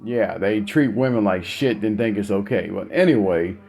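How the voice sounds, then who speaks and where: A man's voice: on the low side, moderate pace, a little mellow. A young man telling a family story in a casual, blunt, profane rant. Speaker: vlogger.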